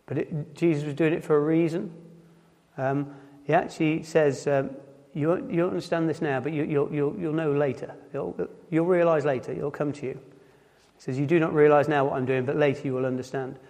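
A man with a Nottinghamshire accent giving an informal sermon in church, halting and often repeating words as he restarts. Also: on the high side, flat delivery, a little mellow. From Nottinghamshire, England. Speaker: preacher. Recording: long hall reverb.

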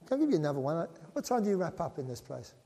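A man preaching a sermon, animated and joking with the congregation. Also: fairly high pitch, racing, breathy edge. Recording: long reverb of a large hall.

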